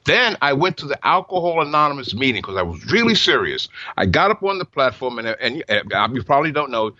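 A man's voice: mid-range voice, big pitch swings, fairly quick, pushed and bright, no echo. Male Christian radio host, heartfelt, stammers, dry close sound. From New York. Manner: earnest, heartfelt testimony with stammered restarts. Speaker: radio talk show host. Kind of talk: Christian call-in radio talk. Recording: muffled broadcast audio.

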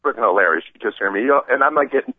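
A man calling in to a radio show and telling an animated, rambling story, acting out the voices of the people in it. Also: mid-range voice, rapid-fire, slightly rough, no echo. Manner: excited, acts out quoted voices, rambling. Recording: tinny phone line, dry.

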